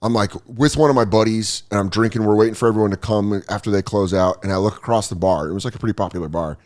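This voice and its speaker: A man hosting a podcast, telling a story in casual chat, swearing freely and acting out the people he quotes with sudden jumps in pitch. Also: fast, darkish tone. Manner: profane. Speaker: podcast host.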